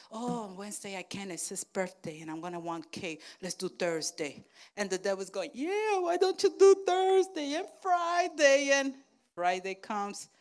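A woman pastor with a fairly low voice preaches a lively sermon, swinging between loud, excited calls and hushed lines spoken almost in a whisper. She also acts out little voices as she goes.

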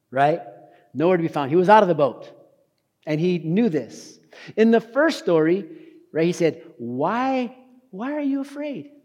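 A man preaching a casual, animated sermon, talking fast and tossing in slang. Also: high voice, in a large hall. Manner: talks fast. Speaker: pastor. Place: church hall.

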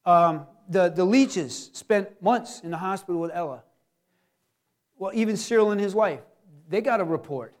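A man preaching a sermon as pastor, animated, acting out the inner voices of his listeners. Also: sits high, normal speed.

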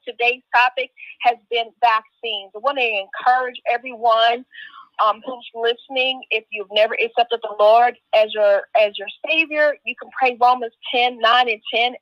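High, bright woman preaching over a muffled line. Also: no room sound. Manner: emphatic, repeats appeals. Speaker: podcast co-host. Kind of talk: preachy podcast exhortation.

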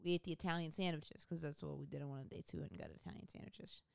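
A woman's voice: sits low, very animated, very fast, vocal fry, no echo, clean studio sound. A woman comedian telling a rambling, profane story about her own life in a casual, self-mocking way.

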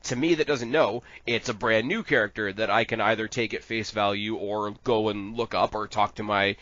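A man's voice: fairly low pitch, fairly even intonation, moderate pace, a bit bright, dry recording. A man in a casual fan-casting chat, rambling and crude, laughing often. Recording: dull lo-fi sound.

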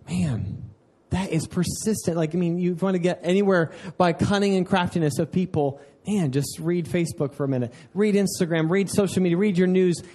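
Earnest conversational male pastor, mellow voice. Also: sits high. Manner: conversational and earnest, with repeated "man" and quick asides. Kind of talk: sermon.

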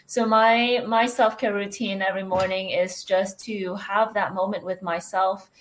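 A woman's voice: mid-range voice, steady tone, unhurried, a little hiss or hum. A woman who works as a transition coach, answering interview questions in an earnest, reflective way.

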